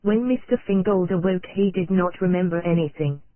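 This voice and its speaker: Audiobook narrator, even machine-like reading, thin phone-line tone, dry and close. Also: mid-range voice, moderate pace, dry recording. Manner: steady, unvaried reading that spells out abbreviations letter by letter. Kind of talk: audiobook narration of an old nonfiction text. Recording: dry, tinny phone-like sound.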